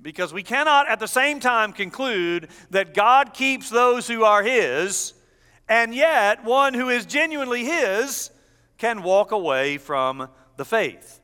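A man's voice: extremely high pitch, animated, takes it slowly, sharp tone, clean tone, big-room sound. A man preaching an expository sermon as pastor, teaching with emphatic delivery.

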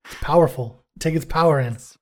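A male podcast co-host with a fairly high, slightly mellow voice talks a bit fast as he reviews a TV episode in casual chat. He rambles, jokes, and swears freely.

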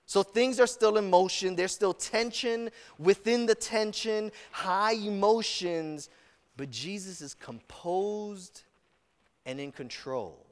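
A man's voice: high voice, slow pace. Earnest male preacher in a hall. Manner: earnest storytelling with restarts. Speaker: pastor. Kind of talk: sermon.

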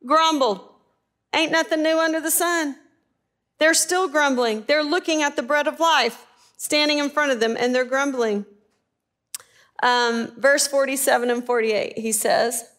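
High-voiced woman teaching scripture. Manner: animated, asks the listeners questions. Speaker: Bible teacher. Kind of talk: sermon.

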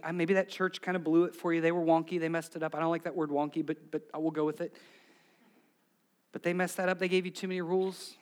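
A pastor preaching a sermon and leading a closing prayer, moving between impassioned preaching and soft, intimate prayer. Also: male voice, fairly high pitch, little pitch movement, fast talker. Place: church service with band playing. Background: live guitar music.

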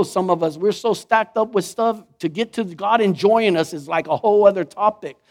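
Man, pastor, high voice, animated conversational sermon, acts out quotes.

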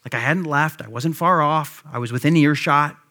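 A man's voice: on the high side, moderate pace, sharp tone. Conversational male pastor preaching. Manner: conversational storytelling with many fillers. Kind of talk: sermon.

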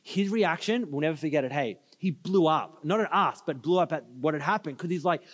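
A man's voice: fairly high pitch, animated, brisk. A man preaching a sermon, telling stories with casual asides and getting the audience to answer back. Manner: storytelling, conversational asides, audience call-and-response. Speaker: pastor. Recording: reverberant hall.

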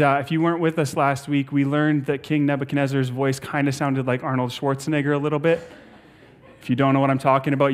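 A man preaching a sermon as a pastor, upbeat and playful, laughing easily as he leads the talk. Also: mid-range voice.

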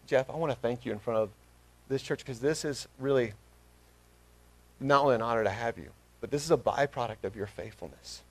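A middle-aged male pastor preaching a sermon, swinging from loud emphatic calls to soft, tender words. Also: mid-range voice, fairly quick, low-quality recording.

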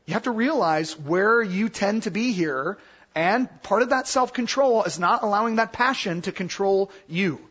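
A man giving Bible teaching in a casual, animated way, acting out the voices he quotes. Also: high voice, normal speed, slightly rough, highs cut off.

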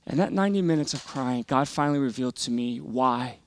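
A middle-aged man preaching and telling a personal story in earnest, rising loud and falling to near whispers. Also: medium pitch, animated, brisk, clear, resonant tone. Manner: earnest, emotional storytelling that swings from loud to hushed. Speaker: pastor. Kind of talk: sermon testimony.

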